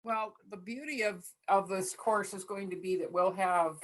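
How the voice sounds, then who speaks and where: A woman's voice: mid-range voice, moderate pace, low-quality recording. A woman course instructor explaining the class setup on a video call. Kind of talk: online meeting.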